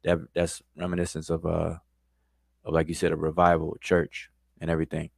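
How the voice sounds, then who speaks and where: A man with a lowish voice talks through his points analytically, stopping now and then to hunt for the right word. His voice sounds dry and close, with no room echo. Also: completely flat delivery, moderate pace, gravelly. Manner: analytical, searching for words with fillers. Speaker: co-discussant. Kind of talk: casual discussion.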